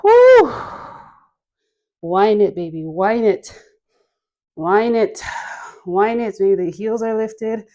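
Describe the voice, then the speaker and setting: A woman leading a dance workout class, cueing moves slowly between sighs and laughs, a bit out of breath. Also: mid-range voice, mellow. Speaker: dance instructor.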